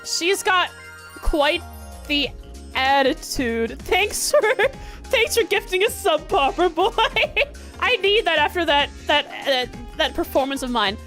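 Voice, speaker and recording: A giggly, self-deprecating woman streaming a game and chatting casually with her viewers. Her voice is high and lively, swinging across a wide range, and faint music plays behind her. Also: slow pace. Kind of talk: casual livestream chat.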